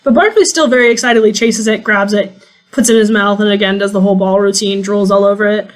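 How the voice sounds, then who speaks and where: A woman's voice: medium pitch, fairly even intonation, quick pace, poor audio. A woman running a tabletop game as game master, narrating with easy amusement. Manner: amused, laughs often.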